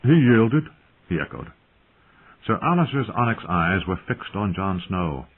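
Low, husky male audiobook narrator. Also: very animated, moderate pace. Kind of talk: scripted narration. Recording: tinny phone-like audio.

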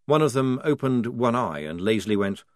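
Male narrator, wry and expressive, dry studio recording. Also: medium pitch, normal speed, no room sound. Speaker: audiobook narrator. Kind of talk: scripted narration.

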